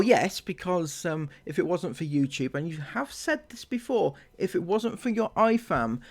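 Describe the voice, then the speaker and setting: A man hosting a commentary channel, reacting to clips with mocking, sarcastic remarks and many fillers. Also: high voice.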